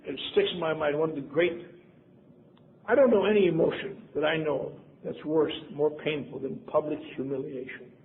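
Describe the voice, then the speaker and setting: A man from Wisconsin, USA, in his seventies, tells self-mocking, wry stories at a convention and voices the people he quotes. His voice sits on the high side and moves at a normal speed, heard through phone-like lo-fi tape with a faint hiss.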